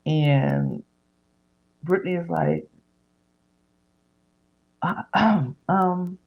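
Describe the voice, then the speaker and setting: A woman's voice: low-pitched, creaky, muffled recording. A woman hosting a podcast, retelling a reality show episode in casual chat and acting out what people said. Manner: animated retelling, acting out others' lines.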